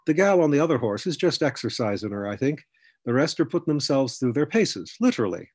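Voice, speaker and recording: A man's voice: mid-range voice, very animated, brisk, a little mellow, breathy edge. A man voicing a big, jovial male centaur cavalry trainee with an Irish accent, chatty and explanatory, in an audiobook.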